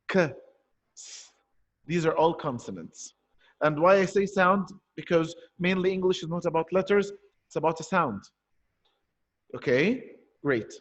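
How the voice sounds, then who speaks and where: High-pitched guy teaching a poetry lesson online, asks his own questions then answers them, muffled call sound. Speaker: primary school teacher.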